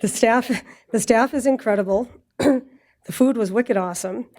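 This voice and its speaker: A woman with a Boston accent from Massachusetts giving a prepared speech at a graduation ceremony, a little nervous, clearing her throat now and then and dropping in joking asides. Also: on the high side, normal speed, a little mellow. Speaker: graduate speaker. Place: ceremony with live audience.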